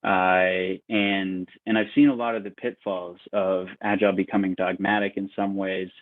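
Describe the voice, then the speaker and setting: A man speaking as an agile coach at a meetup, telling an allegory with lots of halting restarts, on a video call. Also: low-pitched, little pitch movement, dry recording. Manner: halting, many fillers and restarts. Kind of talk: storytelling presentation. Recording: tinny lo-fi call audio, dry.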